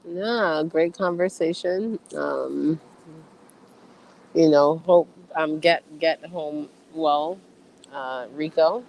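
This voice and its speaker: A man guest in a casual chat, talking in a low-key, hesitant way. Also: drawn-out words, creaky, slight background noise, low-quality recording.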